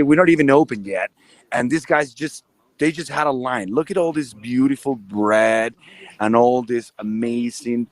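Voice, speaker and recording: A man roving an outdoor farmers market for a live show, talking excitedly as he walks. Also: mid-range voice. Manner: excited, talks while walking. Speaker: roving reporter. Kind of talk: live on-location chat.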